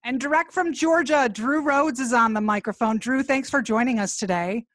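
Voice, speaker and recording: A woman's voice: on the high side, moderate pace, fairly bright tone, dry recording, clean studio sound. A woman co-hosting a business podcast, introducing the guest in an upbeat way. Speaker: podcast co-host.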